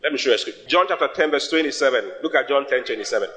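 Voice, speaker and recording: A man preaching a sermon in English, which is not his first language; he is emphatic and his voice jumps up in sudden high bursts. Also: lively intonation, racing, few pauses, sharp tone. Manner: sings a hymn line at the start.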